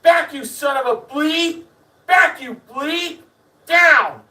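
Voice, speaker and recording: A man voicing a big, broad-shouldered former football player who coos baby talk and then yells curses in panic. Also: on the high side, big pitch swings, slow, distant mic, full character voice, rough recording. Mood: panicked yelling.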